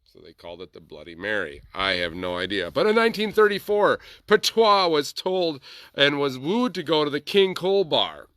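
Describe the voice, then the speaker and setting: A man's voice: fairly high pitch, big pitch swings, moderate pace, fairly bright tone, no echo. A man, hosting a casual show and rambling through a story with chatty asides. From Wisconsin. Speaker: host. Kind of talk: casual chat.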